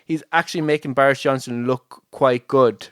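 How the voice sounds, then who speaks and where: A podcast host talks casually from home, rambling through filler words and often breaking into laughter. His voice is smooth and clear, at a middle pitch, recorded close and dry with no room sound. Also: fairly even intonation, normal speed, fairly bright tone, dry recording. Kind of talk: casual chat.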